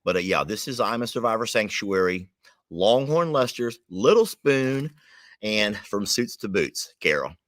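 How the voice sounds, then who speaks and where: A man's voice: on the low side, animated, a little slow, a bit bright, no room sound. A man, chatting casually as co-host while opening fan mail, playful and mock-exasperated. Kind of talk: casual chat.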